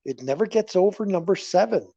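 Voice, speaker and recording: A man hosting a casual livestream, rambling through stories with animated swings between loud remarks and murmured asides. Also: sits high, fairly quick, gravelly, dry recording. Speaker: livestream host. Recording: dull lo-fi livestream audio.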